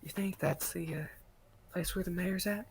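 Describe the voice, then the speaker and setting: A player in a tabletop game, speaking quietly and hesitantly. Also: mid-range voice, normal speed, creaky, slight background noise. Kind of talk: casual chat.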